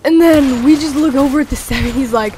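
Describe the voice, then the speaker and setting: Young teen w a high voice telling a long story, lots of ums, gets worked up, light hiss behind. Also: brisk. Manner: rambling, many fillers, excitable. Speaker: gameplay commentator. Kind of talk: casual storytelling over gameplay.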